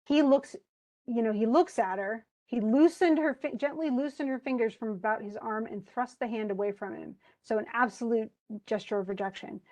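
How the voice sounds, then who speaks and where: A woman's voice: fairly high pitch, moderate pace, warm tone, rough recording. A woman college English teacher giving a conversational literature lecture, full of fillers and restarts, who reads story passages aloud.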